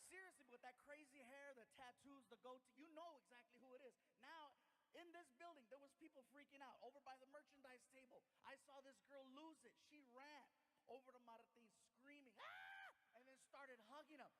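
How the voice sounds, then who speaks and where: A male comedian with an unusually high voice tells stand-up stories on a live stage. He is animated and breaks into laughter at his own lines. The recording carries a steady hum of noise behind his voice. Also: fairly quick. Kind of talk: stand-up storytelling. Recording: noisy live show recording.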